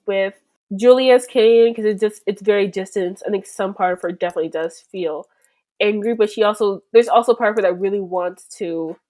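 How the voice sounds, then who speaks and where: A woman guesting on a podcast in casual book-club chat, lively and quick to laugh. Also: medium pitch.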